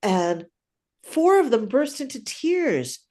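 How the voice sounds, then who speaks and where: A woman's voice: on the high side, big pitch swings, slow pace, a little mellow. An older woman, a clown teacher, chatting animatedly through stories in an interview and often tagging her sentences with "right?". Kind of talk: casual storytelling interview.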